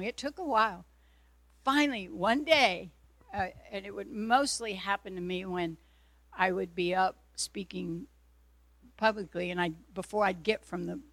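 A woman's voice: fairly low pitch, gravelly, a bit bright, dry recording. A woman preacher giving an earnest sermon testimony, telling her story and acting out her own prayers and God's replies.

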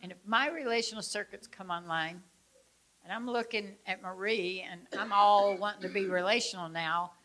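Woman, bright tense tone, animated storytelling, laughs often, group session leader. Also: mid-range voice, normal speed. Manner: animated, laughs often while telling stories.

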